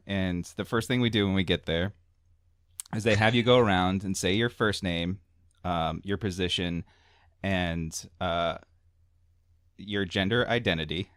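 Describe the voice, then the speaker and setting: A man with a deep, low voice recounts a story to friends in a loose, meandering way, leaning on filler words and chuckling at himself. The sound is dry and close, with no room around it. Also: moderate pace, a bit bright, smooth, dry recording. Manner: rambling storyteller, filler-heavy, laughing asides. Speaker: podcast co-host. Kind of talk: casual chat.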